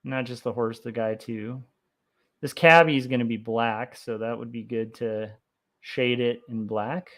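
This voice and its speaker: A young man chatting casually on a livestream as he draws comics, rambling with lots of fillers and getting excited about history. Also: mid-range voice, unhurried. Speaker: comic artist streaming his drawing. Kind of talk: casual livestream chat while drawing.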